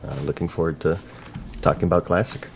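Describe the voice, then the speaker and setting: A man who is a guest on a gaming podcast, talking in a flat, soft-spoken monotone. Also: deep voice, fast talker, vocal fry, a little hiss or hum. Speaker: guest YouTuber. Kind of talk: casual podcast chat.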